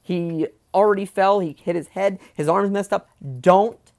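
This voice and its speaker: A man's voice: high-pitched, fairly even intonation, normal speed, vocal fry, darkish tone. A man sits at home with headphones on and tells a family story straight into a close mic. He talks with heated indignation, firing off rhetorical questions, stumbling into repeats and swearing as he goes. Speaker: vlogger telling a family story. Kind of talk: agitated personal storytelling. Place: at home, seated in a chair. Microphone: wearing headphones, close mic.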